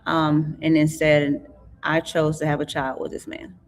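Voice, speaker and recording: A middle-aged woman, an author and interview guest, telling her life story in an earnest, reflective way, often halting and restarting. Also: sits low, completely flat delivery. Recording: long hall reverb.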